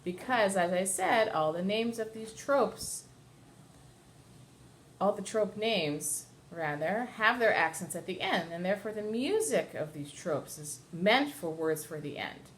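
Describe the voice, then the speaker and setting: A woman's voice: medium pitch, lively intonation, a little slow, a little hiss or hum. Woman cantor teaching chant step by step. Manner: patient, explanatory, step-by-step, breaks into chant. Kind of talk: classroom lesson with sung examples.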